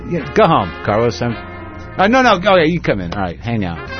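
A man's voice: mid-range voice, wildly swooping pitch, normal speed, muffled recording, loud music behind the voice. A man hosting a radio talk show, rambling in a sarcastic, casual way with lots of restarts.

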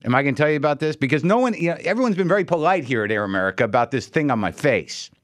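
A man's voice: on the high side, expressive, racing, dry recording, studio quality. A radio host delivering a rambling, wry comic monologue, acting out the people he quotes.

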